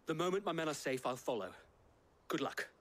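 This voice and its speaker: A man's voice: fairly high pitch, brisk, a bit bright, natural voice. An actor playing a loyal, wry male soldier in a video game. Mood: earnest.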